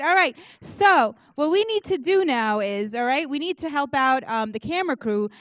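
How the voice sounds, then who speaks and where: A woman warming up an auditorium audience, joking and leading rounds of applause with loud, energetic calls. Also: high-pitched, moderate pace, few pauses, no room sound. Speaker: audience warm-up comedian. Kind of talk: stand-up warm-up, leading applause.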